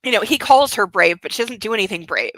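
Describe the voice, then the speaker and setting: A woman's voice: medium pitch, lively intonation, quick pace, a bit bright, no room sound, low-quality recording. A woman hosting a book club podcast, giving sarcastic, ranting commentary on a novel.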